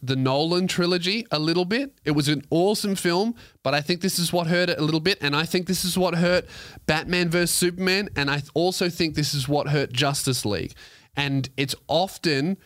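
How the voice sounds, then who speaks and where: A man's voice: fairly high pitch, brisk, a bit bright, no echo. A young man hosting a podcast on his own, chatting casually into a close mic with rambling asides and frequent swearing. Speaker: podcast host. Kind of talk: casual solo podcast chat.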